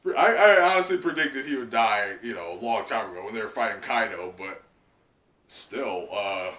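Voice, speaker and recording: A man giving casual live reaction commentary, chatty and excitable, leaning on "like" as he talks. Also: lowish voice, moderate pace. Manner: excitable, chatty, heavy use of "like". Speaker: manga reaction channel host. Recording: roomy sound from a distant mic.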